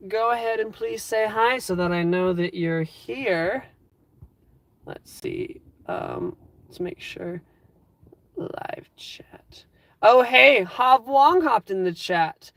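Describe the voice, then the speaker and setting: A man's voice: high-pitched, expressive, takes it slowly, a bit bright, no room sound. Upbeat twenty-something guy, live-streaming from the driver's seat; chatty and loose, full of ums. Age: 20s. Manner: rambling and upbeat, many fillers. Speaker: livestream host. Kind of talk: casual live stream chat. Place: inside his car.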